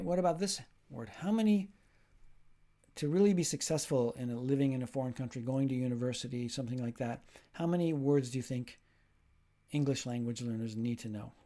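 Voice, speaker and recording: A man's voice: medium pitch, warm tone. Man giving an explanatory lecture. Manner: explanatory, asks the listener questions; demonstrates sounds and rhythm drills. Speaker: teacher. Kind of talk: recorded lecture for teachers.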